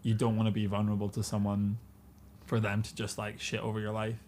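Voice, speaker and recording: Speaking a little fast in a monotone, this British twenty-something guest on a podcast talks casually and candidly, with frequent laughter and lots of fillers. His voice is lowish and darkish, and there's a slight hiss or hum.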